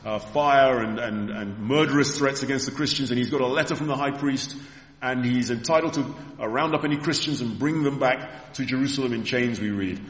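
A man's voice: mid-range voice, brisk. Guy giving a sermon, tells bible stories like he's there, big roomy church echo. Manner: retells scripture scenes as vivid stories, addressing the congregation. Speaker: preacher. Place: church hall. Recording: echoey hall reverb.

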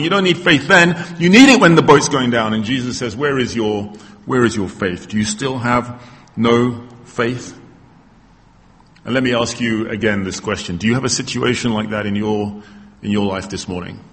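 A male preacher delivers a sermon, retelling a Bible story and dramatizing the characters' lines with energy. His voice sits at an ordinary male pitch. The sound carries a long reverb, as in a church hall. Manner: animated storytelling, acting out quoted voices.

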